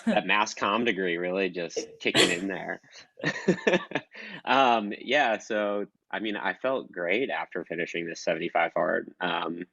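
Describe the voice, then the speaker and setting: Low-voiced woman with a dull, lo-fi sound. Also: unhurried, gravelly, fairly bright tone, husky, no echo. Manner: rambling, laughs between thoughts. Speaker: podcast co-host. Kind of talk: casual chat among friends.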